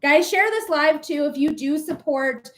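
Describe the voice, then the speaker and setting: A woman hosting a live psychic-reading stream, talking in a blunt, outspoken way, swearing freely and tossing quick asides to viewers. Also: high-pitched, a bit bright. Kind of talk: casual live-stream chat.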